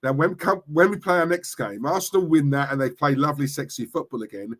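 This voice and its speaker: A man who hosts a football fan channel, ranting on a livestream and reading chat comments, forceful and impassioned, often checking in with "right?". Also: fairly high pitch, a little fast. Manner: impassioned, repeats "right?" to the audience.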